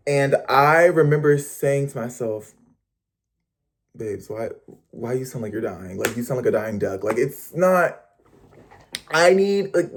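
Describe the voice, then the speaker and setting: A young man talking to camera in a casual motivational vlog, chatty and playful, with lively slangy asides. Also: fairly high pitch. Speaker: vlogger.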